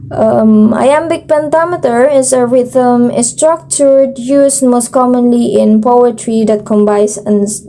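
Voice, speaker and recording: A woman's voice: fairly high pitch, warm tone. A young woman with a Filipino accent giving a class report, mixing English and Tagalog, hesitant, with many fillers and self-corrections. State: slightly strained voice.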